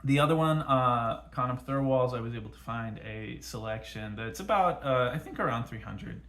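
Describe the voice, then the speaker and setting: A man's voice: medium pitch, moderate pace, fairly bright tone, slight background noise. A man co-hosting a casual book chat, talking with frequent ums and uhs. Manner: hesitant, many ums and uhs. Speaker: co-host of a book channel. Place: United States.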